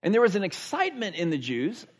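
A man's voice: high-pitched, wildly swooping pitch, quick pace. A man preaching a Sunday sermon in a church, earnest and emphatic, repeating words for stress. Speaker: pastor. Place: church sanctuary.

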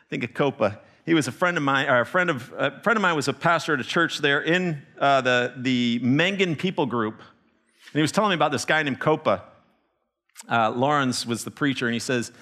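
A man preaching a sermon as a missionary, telling stories with animated emphasis and frequent restarts. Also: fairly high pitch. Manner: animated storytelling with restarts, rising to emphatic peaks.

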